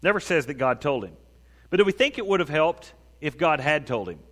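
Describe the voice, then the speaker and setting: Preaching a little fast and very animated, a male pastor with a high, somewhat bright voice talks conversationally and acts out prayers. His sermon carries the long reverb of a large hall.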